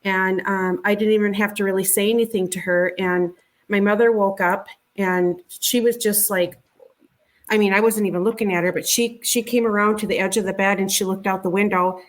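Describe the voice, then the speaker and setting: A middle-aged woman tells a personal story as an interview guest. Her voice sits in a plain, middle pitch. She talks in a halting, conversational way, repeating words and starting over as she goes. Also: steady tone. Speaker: interview guest recounting a sighting.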